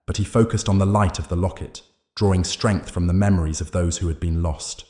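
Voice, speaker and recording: A man reading a horror story aloud as scripted narration, measured and dramatic. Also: sits low, steady tone, dark tone. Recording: roomy echo.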